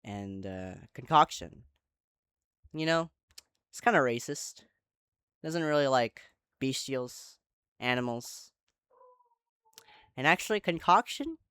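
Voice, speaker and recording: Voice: medium pitch, a bit bright, dry recording, clean studio sound. A channel host casually retelling an online roleplay, rambling and correcting themselves, with chatty asides to viewers.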